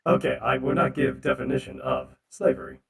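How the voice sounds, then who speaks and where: A man's voice: mid-range voice, flat delivery, brisk, vocal fry, a bit bright. A man voicing a stiff, overly literal male rock construct bartender through a robot voice filter, speaking formally.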